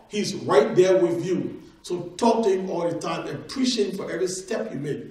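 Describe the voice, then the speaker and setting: A man delivers a sermon in a slightly high voice, moving between a chatty tone and sudden acted-out exclamations. He is recorded from a distance in a church sanctuary with heavy, ringing echo. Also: expressive, moderate pace, darkish tone. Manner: conversational preaching, acts out quoted exclamations. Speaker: preacher.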